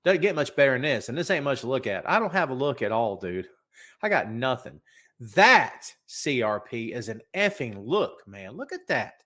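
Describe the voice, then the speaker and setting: A man's voice: mid-range voice, big pitch swings, moderate pace, a bit bright. A middle-aged man hosts a casual wrestling podcast, stuffy with a head cold. He rambles and jokes his way through the news. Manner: rambling, joking, talks to a co-host. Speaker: podcast host.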